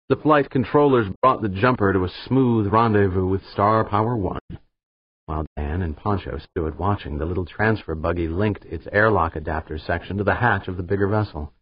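Low, husky male audiobook narrator. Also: moderate pace, dry recording. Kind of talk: scripted narration. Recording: slightly dull, dry recording.

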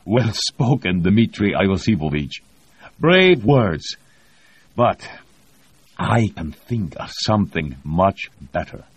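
Man reading a deep-voiced, gruff cosmonaut commander for an audiobook, husky tone. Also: animated, a little slow, no echo, full character voice. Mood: elated. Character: stern male cosmonaut commander, weary but resolute. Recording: dull lo-fi audio.

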